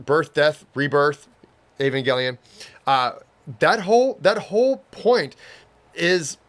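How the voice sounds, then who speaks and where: A man's voice: a little high, a bit bright. A man co-hosting an anime review, talking casually in long rambling runs, restarting often and acting out quotes. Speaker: co-host of an anime review show. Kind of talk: casual reaction discussion.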